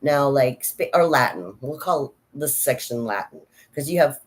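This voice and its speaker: A woman's voice: extremely low pitch, animated, moderate pace. A middle-aged American woman chatting casually in a vlog about acting, rambling with many restarts and asides. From United States. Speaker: vlogger, actor. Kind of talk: casual chat.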